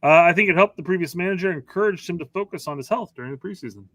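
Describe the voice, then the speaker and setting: Co-host: middle-aged man, high-ish bright voice, salty and animated, dry close sound. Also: racing, dry recording. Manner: profane and animated, with joking quoted asides. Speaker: podcast co-host. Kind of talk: casual soccer chat.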